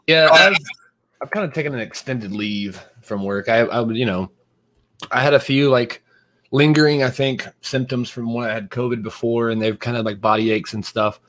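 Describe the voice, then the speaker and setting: A man co-hosting a podcast in loose, rambling chat. His voice sits at an ordinary middle pitch, and he talks with frequent fillers and restarts. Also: normal speed, a bit bright. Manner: rambling, hesitant with many fillers. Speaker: podcast co-host. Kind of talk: casual chat.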